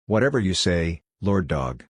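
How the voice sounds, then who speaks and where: A man's voice: low-pitched, big pitch swings, unhurried, no echo, studio quality, exaggerated voice. A man voicing a beaten, fawning old male elder cultivator in an audiobook. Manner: fawning, apologetic.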